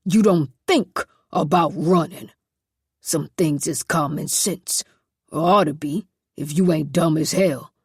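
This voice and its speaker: A woman voicing a cruel, gruff male reform-school overseer who talks in coarse, threatening dialect in an audiobook. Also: low voice, slow pace, a little mellow, no echo, studio quality, pitched below the performer's own voice, full character voice. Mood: menacing. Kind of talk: audiobook character voice.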